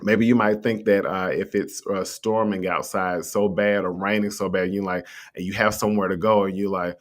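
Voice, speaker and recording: A man hosting a motivational livestream talk, speaking conversationally and straight to his listeners, his pitch swinging up on rhetorical questions. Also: steady tone, moderate pace. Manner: conversational and encouraging, addresses listeners directly. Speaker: host. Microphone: streaming setup with a mute button.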